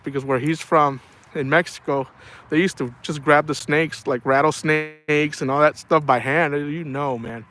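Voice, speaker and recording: Middle-aged guy rambling on a livestream, tosses in man all the time, voice a bit high. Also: fairly even intonation, normal speed, a bit bright, slight background noise. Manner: rambling storytelling, says man a lot. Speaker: livestream host. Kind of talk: casual livestream chat.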